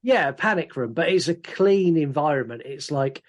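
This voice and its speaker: A man's voice: a little high, moderate pace. A man co-hosting a podcast, retelling scenes animatedly in casual chat. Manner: animated retelling, acts out lines from the film. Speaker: podcast co-host.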